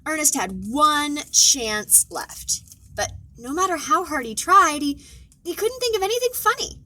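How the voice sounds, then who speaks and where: Brief: high, animated woman librarian, playful picture-book read-aloud. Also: normal speed, poor audio. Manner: expressive, playful storytelling. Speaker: children's librarian. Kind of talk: children's storytime read-aloud.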